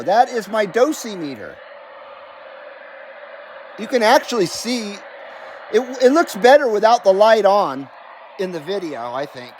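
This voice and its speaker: An American man with a fairly high voice hosts a casual CB radio livestream from his radio room at home. He chats loosely, reads viewer comments aloud and swears now and then. A faint hiss of static sits under his voice. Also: sing-song, measured pace, pauses often.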